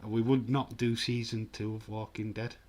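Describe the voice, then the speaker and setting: A man's voice: lowish voice, little pitch movement, normal speed, darkish tone, slight background noise. A man streaming a live football watch-along, chatting casually and rambling with frequent restarts. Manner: rambling, self-correcting, chatty.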